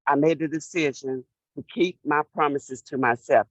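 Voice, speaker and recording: A woman's voice: low voice, normal speed, no echo, dull audio. A middle-aged woman on a video call giving an exuberant testimonial, repeating phrases for emphasis like a preacher. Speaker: client sharing her story.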